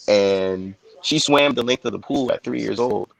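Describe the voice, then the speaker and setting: A man's voice: medium pitch, moderate pace, vocal fry, fairly bright tone, no room sound, rough recording. A man on a video call casually telling a proud story about his daughter, acting out the voices in it. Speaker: guest father.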